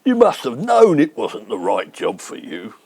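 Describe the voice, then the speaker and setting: Man voicing a blustering middle-aged grump, sarcastic, indignant, high, very lively pitch, dry close sound. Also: measured pace, vocal fry, slightly rough, dry recording, full character voice. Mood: exasperated. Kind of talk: comic sketch impression.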